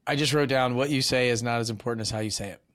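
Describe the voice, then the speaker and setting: A man's voice: medium pitch, racing, a bit bright. A man hosting a podcast interview, talking casually with lots of fillers and restarts. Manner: rambling with many fillers and restarts. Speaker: podcast host.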